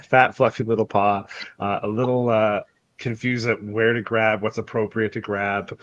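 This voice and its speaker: A man's voice: lowish voice, flat delivery, normal speed, a bit bright, dull audio. A man running a tabletop game as game master, narrating in a laid-back way with many fillers. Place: convention stream setup.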